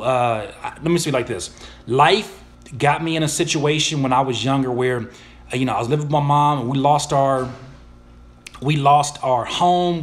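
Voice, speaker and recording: Slangy man answering viewer questions. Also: medium pitch. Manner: animated, slangy, reads questions aloud then answers. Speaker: YouTuber and music producer answering viewer questions. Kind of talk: casual live Q&A.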